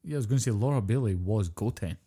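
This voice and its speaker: A young man rattles along at a brisk clip in casual podcast chat. His voice sits low and mellow, and he rambles, blunt and quick to swear. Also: slightly rough. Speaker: podcast co-host.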